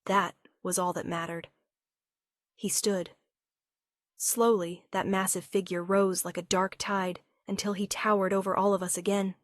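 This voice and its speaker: A woman narrating a first-person romance story in an emotional, measured way. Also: medium pitch, little pitch movement, no echo, clean studio sound.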